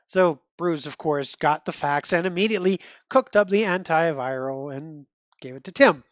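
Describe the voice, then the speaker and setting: Casting: a rambling comic podcast host, 30s or older, average pitch, dry close sound. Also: normal speed, no room sound. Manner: chatty, rambling, frequent restarts and laughs. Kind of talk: casual commentary reviewing a comic.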